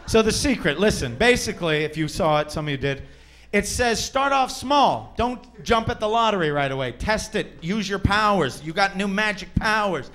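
A stand-up comedian works a club crowd in a high, bright voice, brash and crude. He pokes at the audience between punchlines with a loud, cheeky delivery. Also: animated, normal speed, hardly any pauses, slight background noise.

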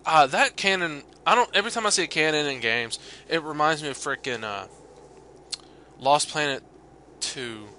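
Young man, let's play commentary, loud profane outbursts, very bright sharp voice, wildly lively pitch. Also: moderate pace, a little hiss or hum. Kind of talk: gaming commentary.

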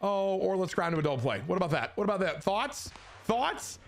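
A young man streaming a baseball video game, joking, swearing and shouting at big plays over game music. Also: high voice, big pitch swings, fairly quick, creaky. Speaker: gaming streamer. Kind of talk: excited video game commentary. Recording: game music playing behind.

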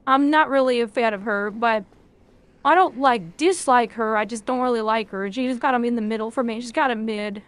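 A woman's voice: on the high side, brisk. A woman streaming a video game, chatting casually with her chat, rambling and swearing freely.

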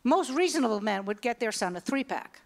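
A woman's voice: on the high side, a little fast, a little hiss or hum. A woman in her sixties doing a stand-up comedy set, telling brash stories and acting out the voices in them. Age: 60s. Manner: brash, animated storytelling with acted-out voices.

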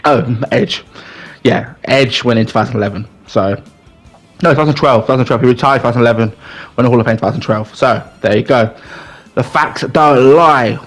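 A man hosting a gaming channel, giving excited let's-play commentary in a mock wrestling-announcer style and breaking into pleading with the game. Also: medium pitch, brisk, faint music behind.

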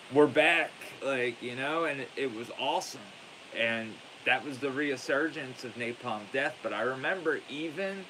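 A man's voice: medium pitch, pushed and bright, slight background noise, poor audio. A man hosting a vlog in casual chat, rambling and loose with lots of filler words. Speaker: vlog host.

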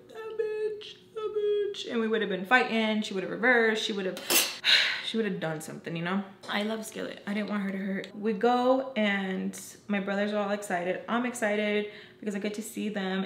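A young woman chatting casually as she tells a personal story, emphatic and acting out quoted lines. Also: mid-range voice. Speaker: storytelling vlogger. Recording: roomy with faint ambient noise.

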